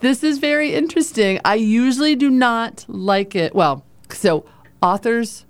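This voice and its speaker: A woman's voice: a little high, a little slow, dry recording. Chatty woman recommending books on radio. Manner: chatty, laughs easily. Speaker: public library guest. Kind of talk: casual on-air book recommendations. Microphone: studio microphone.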